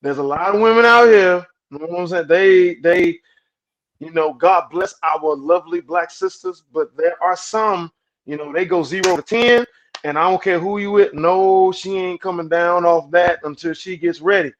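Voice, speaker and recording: A man speaking as a podcast guest, preachy in manner, repeating words as he builds a point and dropping low and soft when he quotes calming words. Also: moderate pace, muffled recording. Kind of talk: podcast conversation.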